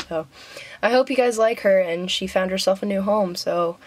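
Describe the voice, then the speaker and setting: A woman's voice: mid-range voice, moderate pace, no room sound. A young woman vlogging casually, chatty and giggly, with lots of ums and a slight Southern US accent. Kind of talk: casual vlog.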